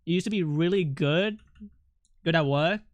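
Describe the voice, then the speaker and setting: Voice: medium pitch, normal speed, no room sound, dull audio. A streamer who chats with viewers while drawing, rambling and joking, swearing a lot and laughing often. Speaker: art streamer chatting with viewers. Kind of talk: casual live-stream chat.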